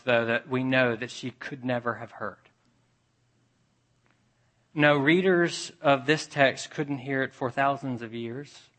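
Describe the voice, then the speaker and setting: A man preaching a sermon as pastor, deliberate, repeating phrases with building emphasis. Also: mid-range voice, fairly bright tone.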